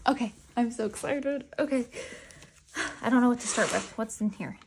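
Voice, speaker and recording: A woman's voice: fairly high pitch, moderate pace, heavy background noise. A woman chatting casually as she unboxes merchandise, chatty and self-deprecating with giggly asides. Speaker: unboxing vlogger.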